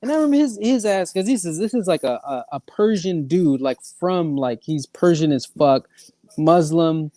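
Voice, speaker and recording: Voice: medium pitch, lively intonation, moderate pace, warm tone, no room sound. A podcast co-host from Canada, telling stories in slangy, profane casual chat and repeating "bro".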